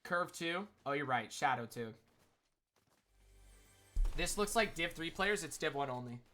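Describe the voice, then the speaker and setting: A man's voice: fairly high pitch, animated, unhurried, bright, forceful tone, faint music behind. A man streaming casually and talking to his chat, rambling with lots of "like" fillers. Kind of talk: casual livestream chat commentary.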